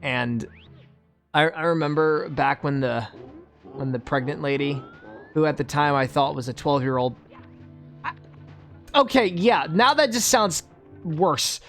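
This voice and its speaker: A man rambles through casual gameplay commentary in a slightly high voice, sarcastic and full of stumbling restarts. Faint game music plays underneath. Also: animated, measured pace, pauses often, a bit bright. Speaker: gaming YouTuber.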